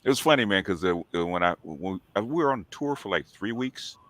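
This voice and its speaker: A man's voice: lowish voice, expressive, brisk, a bit bright, dry recording. A man telling a rambling, laughing story in a casual group chat, repeating words as he goes. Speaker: panelist.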